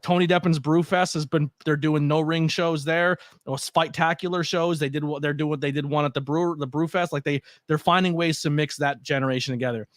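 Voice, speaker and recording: Brief: slightly high-voiced male podcast guest, dry close sound, rambling and enthusiastic. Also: fairly even intonation, brisk, hardly any pauses, no room sound. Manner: rambling, enthusiastic, lots of restarts. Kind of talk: casual chat.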